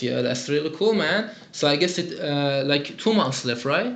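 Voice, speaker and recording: A man's voice: on the high side, expressive, moderate pace, fairly bright tone, echoey room. A man teaching an English lesson and answering students' calls in an upbeat, chatty way, with lots of fillers. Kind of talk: live lesson and call-in Q&A.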